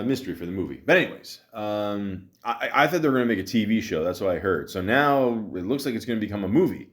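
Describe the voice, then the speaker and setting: A man hosting a podcast alone, chatting casually about a movie in a rambling, joking way, full of swearing, fillers and restarts. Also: on the low side. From half Italian, half Greek heritage. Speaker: podcast host. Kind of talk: casual solo podcast commentary.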